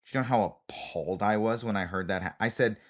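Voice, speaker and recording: A man co-hosting a comedy podcast in casual chat, an animated storyteller who repeats phrases for emphasis. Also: fairly low pitch, fast talker. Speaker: podcast co-host, comedian and actor.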